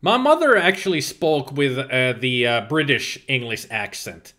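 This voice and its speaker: Lively, bright-voiced Finnish streamer man. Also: mid-range voice, unhurried. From Finland. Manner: chatty, reads viewer chat aloud and answers it; laughs often, playful exclamations. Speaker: game streamer. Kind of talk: casual livestream chat while gaming.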